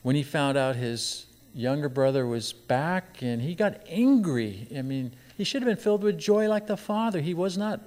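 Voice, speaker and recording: A man's voice: fairly high pitch, a little mellow. A man preaching a sermon, reading scripture aloud and pressing his points with emphatic rises and rhetorical questions. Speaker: pastor. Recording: long hall reverb.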